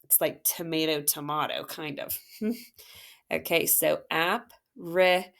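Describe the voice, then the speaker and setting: A woman teacher walks a young learner through a phonics worksheet, sounding out each syllable with unhurried patience. Her voice sits low with a gravelly edge, and she speaks slowly and encouragingly. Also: a bit bright. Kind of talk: phonics lesson walkthrough.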